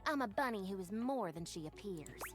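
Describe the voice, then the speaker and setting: A woman's voice: medium pitch, animated, brisk, soft background music, lightly acted. A woman voicing an easygoing female dust bunny in a video game, with a drawling Southern accent and a habit of saying honey. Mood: folksy. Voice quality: drawling, calls everyone honey.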